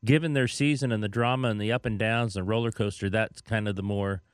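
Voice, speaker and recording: A man's voice: lowish voice, fairly even intonation, fairly quick, clear, resonant tone, dry recording. A man hosting a sports radio show in a studio, chatting in a laid-back way and chuckling often. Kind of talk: casual sports talk. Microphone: studio microphone.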